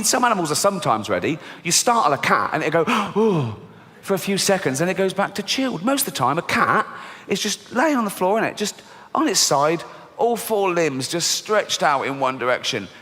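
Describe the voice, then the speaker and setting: A middle-aged man performs stand-up, his voice set slightly high and swinging widely in pitch. He delivers deadpan punchlines to a laughing audience, heard with long reverb in a large live theatre. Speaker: stand-up comedian. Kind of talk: stand-up comedy routine.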